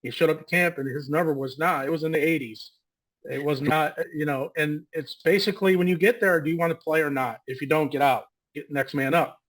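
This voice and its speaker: A man's voice: fairly high pitch, fairly quick, fairly bright tone, rough recording. A man hosting a casual interview, asking long, searching questions in a conversational way. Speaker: interview host.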